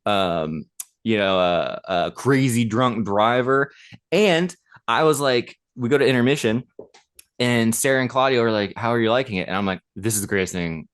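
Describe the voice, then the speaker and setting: A man's voice: medium pitch, moderate pace, fairly bright tone, clear, resonant tone. A man in his thirties, a podcast co-host, chatting casually and telling a story with enthusiasm and lots of fillers. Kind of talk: casual chat.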